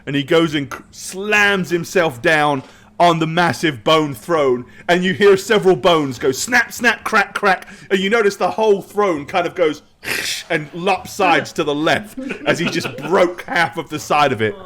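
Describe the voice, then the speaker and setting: High-voiced male game master. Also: a little slow, a bit bright. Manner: casual, with many fillers and laughs. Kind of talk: narrating a tabletop game.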